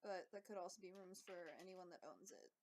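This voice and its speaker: A young woman playing a tabletop game with friends, blunt and quick to swear. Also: lowish voice, darkish tone. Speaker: player.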